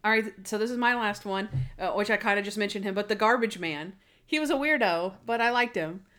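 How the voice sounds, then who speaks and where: A woman's voice: mid-range voice, a little fast, a bit bright. A woman co-hosting a casual podcast chat about a TV episode, acting out the characters' lines in playful voices. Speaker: podcast co-host.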